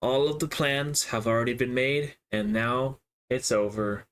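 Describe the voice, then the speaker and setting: A man's voice: mid-range voice, a little slow, a bit bright, clear, resonant tone. A man boasting smugly in a game confessional, recorded from a distance with heavy background noise. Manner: smug, boastful. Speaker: reality game contestant.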